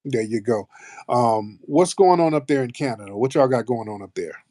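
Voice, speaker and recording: A man's voice: mid-range voice, moderate pace, warm tone, no echo, studio quality. A man hosting an online audio show, chatting loosely and playfully with plenty of swearing. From United States. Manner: loose, profane, playful banter. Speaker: host. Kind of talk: casual chat.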